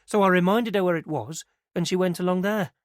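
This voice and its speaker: A woman's voice: fairly low pitch, brisk, dry recording, studio quality, voice pushed up, lightly acted. A man voicing a young woman who works at a nursery, telling what she saw in a chatty, hesitant, rambling way. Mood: eager recounting. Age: young adult. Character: young British nursery worker, eager, nervous.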